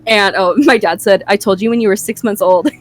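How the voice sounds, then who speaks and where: A woman's voice: mid-range voice, lively intonation, normal speed, soft background music. A young woman hosting a podcast, telling a story in casual chat with profane, laughing asides. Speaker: podcast host.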